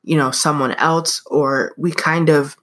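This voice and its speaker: A young adult woman talks through a personal story as a podcast host. Her voice sits low, and she takes her time over the words. She sounds chatty and loose, with lots of fillers. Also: steady tone, unhurried, a bit bright. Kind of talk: casual storytelling monologue.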